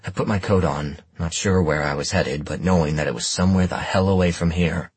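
Husky, deep-voiced man as first-person audiobook narrator, dry close mic. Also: a little fast, no room sound.

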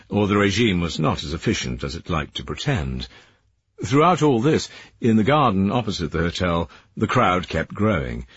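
A man narrating an audiobook in a measured, expressive way. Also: low-pitched, husky, no room sound, dull audio.

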